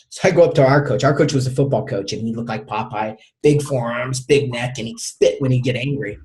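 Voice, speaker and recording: A man's voice: medium pitch, a little mellow. Middle-aged male coach, interview guest, stop-start storytelling with many repeated words. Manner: halting, repeats words often.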